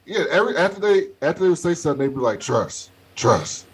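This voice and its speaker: A man's voice: a little high, very fast, husky. A man from Baltimore co-hosting a podcast, chatting casually, laughing often and swearing freely. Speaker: podcast co-host. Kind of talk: casual chat.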